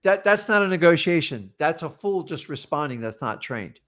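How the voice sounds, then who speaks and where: A man's voice: on the high side, sing-song, moderate pace, a bit bright. A man coaching a class on real estate deals, talking in punchy, direct bursts and acting out sample lines with sellers. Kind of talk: live training talk.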